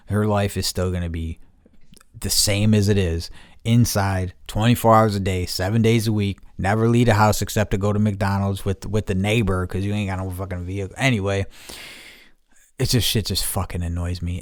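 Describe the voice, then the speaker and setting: Guy with a lowish voice venting angrily, swears nonstop, dry close sound. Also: no room sound. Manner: angry, heavy swearing, repeats words, restarts. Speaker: podcast host. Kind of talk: profane ranting monologue.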